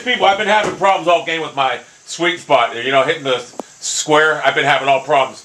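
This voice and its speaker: Male gamer, hot-tempered, bright edgy tone, swears and shouts at the game nonstop. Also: fairly high pitch, brisk, hardly any pauses, slight background noise, poor audio. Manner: furious, swearing constantly, yelling at the game. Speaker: gaming commentator. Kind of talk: raging gameplay commentary.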